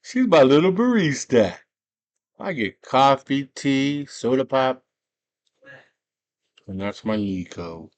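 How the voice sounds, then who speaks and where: A man's voice: mid-range voice, big pitch swings, slow pace, pauses often. A man hosting a movie chat from home, retelling a plot in a laid-back, slangy way. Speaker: movie review vlogger. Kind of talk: casual chat.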